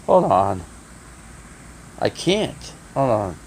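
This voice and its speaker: Flustered gravelly man on a phone stream. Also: on the high side, lively intonation, a little slow, a little hiss or hum. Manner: flustered, swearing, restarting sentences. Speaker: live streamer. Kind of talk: casual live stream talk.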